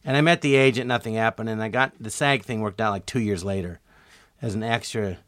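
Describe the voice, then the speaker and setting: A man's voice: fairly low pitch, a little fast, dry recording. Older guy comedian rambling through old stories, jumps into voices, dry close sound. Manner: animated storyteller, acts out quoted voices. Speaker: guest comedian. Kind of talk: casual storytelling interview.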